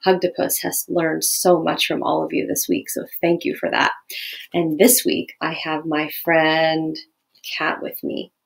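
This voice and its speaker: A woman with a slightly low voice gives a recorded lesson to schoolchildren. She speaks gently and patiently and keeps asking the children questions. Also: completely flat delivery, measured pace, vocal fry. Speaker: school staff member teaching students.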